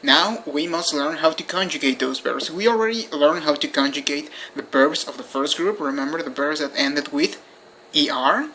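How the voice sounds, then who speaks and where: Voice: medium pitch, normal speed, bright, forceful tone, a little hiss or hum. A language teacher giving an informal recorded lesson, patiently repeating points and spelling word endings letter by letter. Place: indoors by a window.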